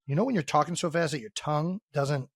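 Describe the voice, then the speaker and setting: A man from Ohio co-hosting a sports podcast in casual chat, quick-talking and teasing his co-host. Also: on the high side, slightly rough, no room sound, clean studio sound.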